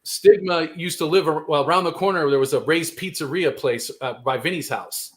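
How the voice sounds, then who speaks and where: A man's voice: on the high side, normal speed. A man, a guest telling a long rambling story in casual, profane street slang. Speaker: guest musician.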